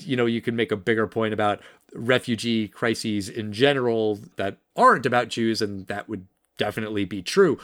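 A man's voice: medium pitch, fairly bright tone, no room sound, clean studio sound. A man co-hosting a casual film podcast, talking bluntly and passionately, with frequent swearing. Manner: impassioned, blunt and profane. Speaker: podcast co-host.

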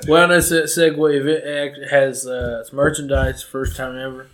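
A man's voice: medium pitch, level tone, normal speed, a loud crowd. Rambling young man, lots of "like". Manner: loose rambling storytelling with many "like"s, laughs often. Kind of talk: casual chat.

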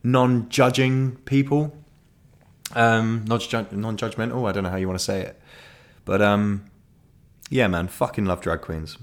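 Frank, foul-mouthed guy, lowish voice. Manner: frank, heavy swearing, rambling with restarts. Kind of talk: casual monologue.

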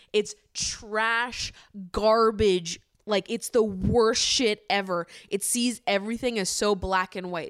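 A young woman hosting a casual solo podcast, ranting in an opinionated, profane, animated way with bursts of laughter. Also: medium pitch, no echo, studio quality. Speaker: podcast host.

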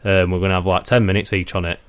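A man's voice: low voice, little pitch movement, rapid-fire, clean tone, dry recording. A young man, co-hosting a casual podcast chat, blunt and swearing freely. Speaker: podcast co-host.

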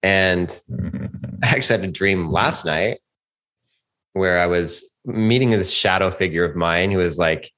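A man's voice: low voice, a little slow, a bit bright. Rambling, reflective man in his forties. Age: 40s. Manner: rambling, reflective, laughs often, restarts sentences. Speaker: podcast co-host. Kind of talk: casual chat.

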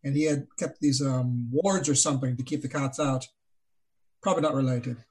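A man's voice: medium pitch, steady tone, normal speed, darkish tone. A man playing a tabletop horror game, rambling and hesitant, with many fillers. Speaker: player. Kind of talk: in-character tabletop play.

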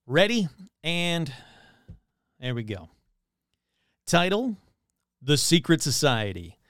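A man's voice: fairly high pitch, big pitch swings, takes it slowly, a bit bright, no room sound, studio quality. A man hosting a paranormal show, reading AI-written scripts aloud and commenting wryly as he goes. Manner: wry, self-interrupting, amused.

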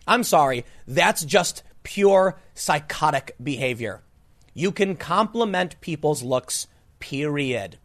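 A man's voice: lively intonation, slow pace. A man delivering a political commentary monologue as a podcast host, incredulous and emphatic, often restarting his sentences. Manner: incredulous and emphatic, with frequent restarts and sharp swings in pitch.

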